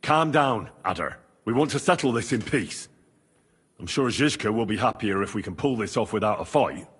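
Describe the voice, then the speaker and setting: A raspy, level-headed young soldier. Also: male voice, on the low side, moderate pace, long reverb tail. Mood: placating. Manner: calm, placating.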